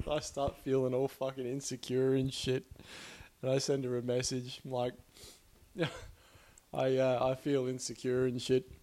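A man's voice: mid-range voice, darkish tone. A young man talking casually and openly about his life, swearing often and laughing between thoughts. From Australia. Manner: swears a lot, laughs often, rambling and candid. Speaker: podcast host. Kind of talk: casual personal monologue.

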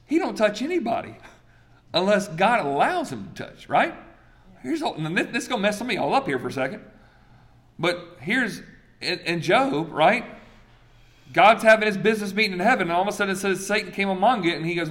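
A man preaching a sermon, acting out scripture dialogues with big swings in pitch and loudness. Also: lively intonation, brisk.

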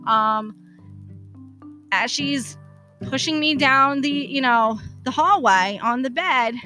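A woman hosting a podcast, telling a personal story in a candid, profane, animated way, acting out the dialogue she quotes. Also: high voice, slow pace, soft background music. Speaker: podcast host. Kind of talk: casual storytelling monologue.

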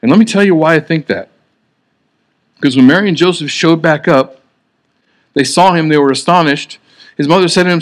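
Man, preacher, sermon, slightly high voice, earnest, conversational, restarts sentences. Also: fairly quick, long pauses, a bit bright.

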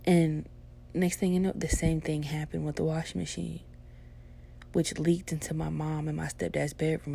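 Gravelly-voiced young woman telling a story. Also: deep voice, level tone, normal speed, dark tone, slight background noise. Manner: profane, laid-back, chatty. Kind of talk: casual personal storytelling.

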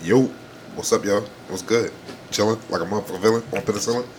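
A man co-hosting a casual podcast, blunt and animated when telling stories. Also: on the low side, fast talker, a little hiss or hum. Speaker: podcast co-host.

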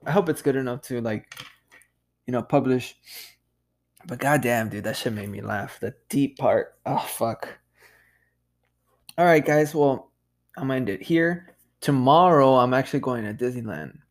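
A man's voice: medium pitch, measured pace, pauses often. A man hosting a casual solo podcast monologue, loose and profane, saying "dude" constantly and laughing at himself. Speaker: podcast host.

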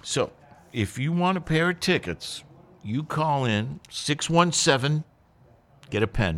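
A man's voice: a little high, expressive, takes it slowly, a bit bright. A man in his sixties hosting a radio show, chatting casually with a jokey, chuckling manner and pushing a ticket giveaway hard. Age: 60s. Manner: chatty and jokey, chuckles often, pushy when plugging a giveaway. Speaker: radio host.

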